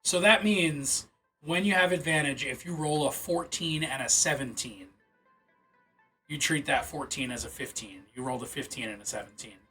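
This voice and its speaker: A man livestreams in a casual, offhand way, reading game rules out loud and breaking off to react with loose, sometimes profane asides. His voice sits a little high and sounds bright and forceful. Faint music plays behind him. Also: normal speed. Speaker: streamer.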